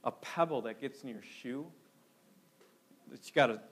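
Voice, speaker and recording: A man from Minnesota preaching a sermon as pastor, telling stories in an animated way with frequent restarts. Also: mid-range voice, normal speed. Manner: animated storytelling with repeated restarts.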